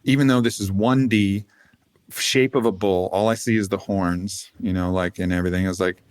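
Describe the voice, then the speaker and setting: Low-voiced man telling a rambling story. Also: steady tone, a little fast. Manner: rambling, swearing, laughing asides. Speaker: podcast guest. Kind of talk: casual storytelling.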